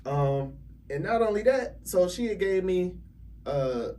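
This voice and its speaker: A man telling a story on a podcast as a realtor guest, animated and laughing often as he acts out other people's lines. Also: sits high, unhurried, recorded from a distance. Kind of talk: casual storytelling.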